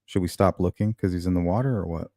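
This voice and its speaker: A man with a somewhat low, warm voice hosts a live true-crime stream. He speculates aloud in a relaxed, conversational way and stops to greet viewers by name. The sound is dry and close, with no room around it. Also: quick pace, no room sound. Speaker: host of a true-crime livestream. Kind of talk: casual live commentary.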